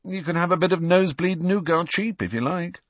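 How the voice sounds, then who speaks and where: A man's voice: sits high, a little fast, no room sound, voice pushed up. Fred, a man doing a cheeky teenage joker. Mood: mocking. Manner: mock-grand, teasing.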